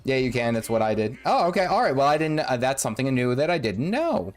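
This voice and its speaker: A man's voice: mid-range voice, big pitch swings, fast. A male livestreamer talks over his gameplay in a loose, rambling way, cracking jokes at his own expense. His voice sits in a middle range. Faint game music plays behind him. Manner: rambling, jokey, self-mocking. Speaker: gaming livestream host. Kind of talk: casual gameplay commentary.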